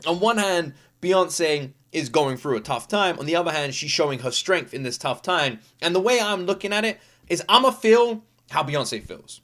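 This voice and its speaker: British man, young, reaction host, excitable chatty delivery, animated swooping voice, higher pitch. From United Kingdom. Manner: excitable and chatty, quick to laugh, filler-heavy. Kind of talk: casual reaction commentary.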